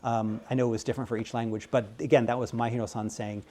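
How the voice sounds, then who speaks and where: A man with an American accent, a game localization director answering interview questions in a rambling, filler-heavy, animated way. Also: lowish voice, quick pace, gravelly, hardly any pauses. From United States.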